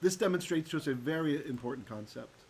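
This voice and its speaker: A man teaching a Torah lesson as a rabbi, animated and often checking in with his listeners, sometimes chanting verses. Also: fairly high pitch, quick pace, slight background noise, poor audio.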